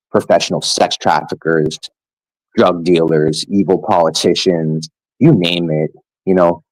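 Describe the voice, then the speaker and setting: A man's voice: low voice, a little mellow, dry recording, poor audio. A man ranting angrily and profanely to his viewers in a scornful vlog tirade. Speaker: vlogger. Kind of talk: angry rant to camera.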